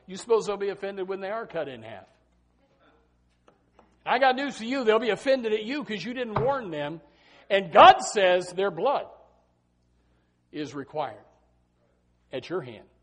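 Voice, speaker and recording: A middle-aged man preaching from the pulpit in a notably high voice. He bursts into loud, climbing shouts, then drops low and quiet for confiding asides. It is a pastor's lively sermon delivery. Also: unhurried, long pauses.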